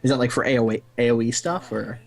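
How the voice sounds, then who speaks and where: A man's voice: mid-range voice, quick pace, vocal fry. A man chatting casually on a game stream, joking and rambling with sarcastic asides over a call headset. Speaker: stream co-host.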